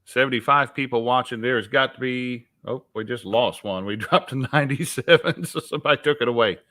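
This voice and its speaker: A man's voice: medium pitch, brisk, pushed and bright, no echo. A man with a Southern US accent chatting casually on a fishing livestream, telling rambling stories with restarts.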